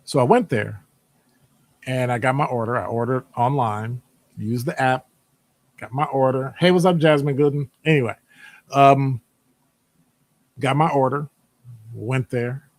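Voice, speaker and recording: A man talking casually in a rambling monologue, animated and digressive, jumping into high voices when quoting people. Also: unhurried, pauses often, dry recording. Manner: conversational, digressive. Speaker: podcast host; academic department member.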